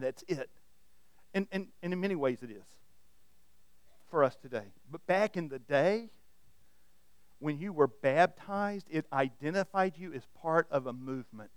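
A man's voice: a little high, clean tone, no room sound. A man preaching a sermon to a room of listeners, retelling stories and often restarting his words. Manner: storytelling, repeats and restarts words. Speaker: pastor. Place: church hall with audience.

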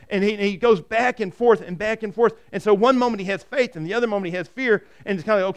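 A man preaching a sermon, retelling a scripture story in a lively way and often repeating words as he starts a sentence. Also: high-pitched, fast, clean tone. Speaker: pastor.

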